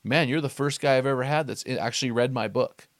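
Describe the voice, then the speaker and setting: A man's voice: mid-range voice, quick pace, dry recording. A man hosting a podcast, telling stories in a casual chat and acting out the quotes. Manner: animated storyteller, acts out quotes. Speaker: podcast host.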